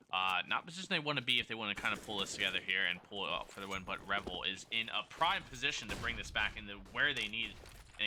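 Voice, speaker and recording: A man's voice: fairly low pitch, noisy background. A man casting a competitive shooter match alone as play-by-play commentator, his throat sore, correcting himself as he goes and chatting with viewers between rounds. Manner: rapid play-by-play with self-corrections and chat banter. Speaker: esports caster. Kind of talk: solo play-by-play commentary, chatting with live chat.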